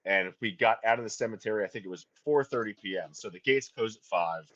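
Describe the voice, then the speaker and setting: A man's voice: fairly low pitch, fast talker, a bit bright, highs cut off. A man, a band's singer, telling a story in a casual chat, profane and laughing as he goes. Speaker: band vocalist and guest.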